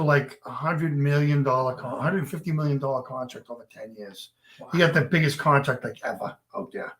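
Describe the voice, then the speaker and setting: A man's voice: fairly high pitch, a bit bright. A man, a podcast guest and impressionist, chatting casually and animatedly about his past shows and work.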